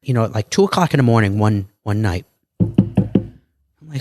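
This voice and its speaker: A man's voice: on the low side, moderate pace, very noisy. Man telling stories in a casual interview. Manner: animated, acts out other people's lines. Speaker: podcast guest.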